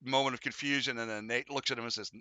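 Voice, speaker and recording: A man in the game master's seat, talking through the scene with lots of "uh"s and restarts. His voice is bright and forward, and it sounds close and dry with no room around it. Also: mid-range voice, fairly even intonation, fast talker, clear, resonant tone, no echo, dull audio. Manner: rambling, full of fillers and restarts, voices the figures lightly. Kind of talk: narrating a tabletop game.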